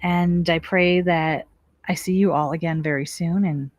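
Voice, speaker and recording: A woman's voice: on the low side, steady tone, a little slow, no room sound. Earnest woman hosting spiritual radio. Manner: earnest, encouraging, asks many rhetorical questions. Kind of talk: inspirational spiritual talk.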